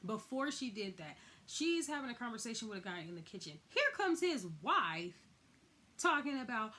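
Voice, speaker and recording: A woman's voice: fairly high pitch, very animated, normal speed, sharp tone. Chatty woman recapping a TV episode. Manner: chatty, slangy, acts out characters' lines. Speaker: recap vlogger.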